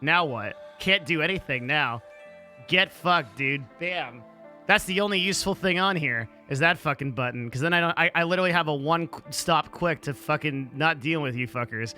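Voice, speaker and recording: A man with a very bright, sharp-edged voice sitting a little high in pitch. He rambles bluntly through chat questions on a live stream, swearing freely and stumbling over restarts, with faint music behind him. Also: moderate pace. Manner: blunt, profane, rambling with many fillers. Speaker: livestreamer answering chat.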